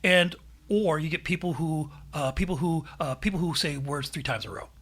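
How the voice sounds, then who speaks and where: A man's voice: on the high side, a little fast, fairly bright tone. A man co-hosting a casual podcast, talking animatedly and laughing often. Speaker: podcast host and editor. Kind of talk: casual chat.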